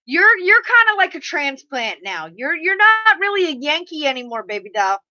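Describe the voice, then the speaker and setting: Middle-aged woman, high and bright, chatty streamer who swears and laughs easily, muffled lo-fi audio. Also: very animated, normal speed. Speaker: live streamer. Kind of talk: casual chat reading live comments. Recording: slightly muffled lo-fi mic audio.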